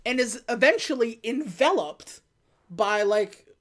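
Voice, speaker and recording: With a fairly high, animated voice and a slightly slow pace, a podcast co-host retells a movie's story in relaxed chat. She performs the characters' lines along the way.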